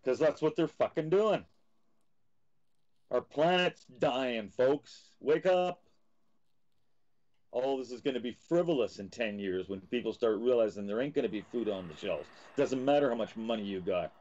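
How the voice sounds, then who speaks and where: A man's voice: mid-range voice, moderate pace, a little mellow, muffled recording. A man hosting a live talk show from Canada, ranting and swearing as he gets angry. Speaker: host.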